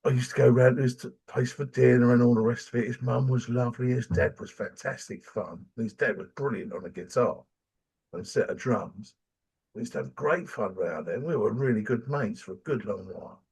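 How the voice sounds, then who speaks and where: An older man from England, chatting casually as a podcast host and telling animated stories. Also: medium pitch, moderate pace, creaky, slightly rough. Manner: animated storyteller, acts out quoted voices. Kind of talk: casual chat.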